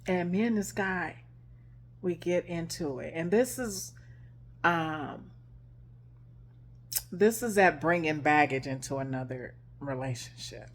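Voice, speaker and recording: A woman's voice: sits low, slow, long pauses. A woman who works as a life coach, telling a personal relationship story to her camera in a frank, conversational way with plenty of fillers. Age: adult with grown children.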